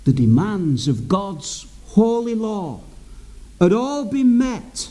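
A man's voice: high-pitched, sing-song, takes it slowly, dark tone. A man preaching a sermon in an earnest, emphatic way, repeating key phrases for weight.

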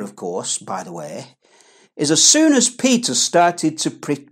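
A woman's voice: lowish voice, a little mellow. A woman preaching an earnest, emphatic sermon with pleading repetitions.

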